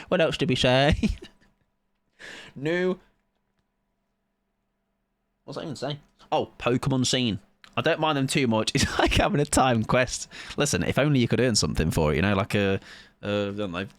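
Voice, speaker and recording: A man's voice: medium pitch, no echo. A man, chatting casually with viewers as a game streamer in a playful, rambling, self-mocking way.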